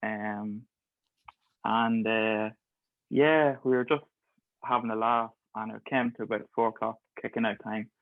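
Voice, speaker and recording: A man's voice: fairly low pitch, steady tone, a little slow, no echo. A young man in his twenties, a guest, telling stories in a chatty way and laughing through them. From Ireland. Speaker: guest, pharmacist. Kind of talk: casual storytelling. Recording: thin phone-like call audio.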